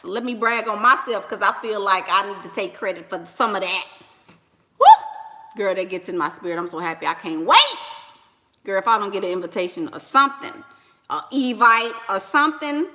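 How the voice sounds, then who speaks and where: A woman's voice: medium pitch, lively intonation, moderate pace, pushed and bright. A woman, chatting casually and animatedly to viewers, slangy and laughing often. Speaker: online business coach and vlogger.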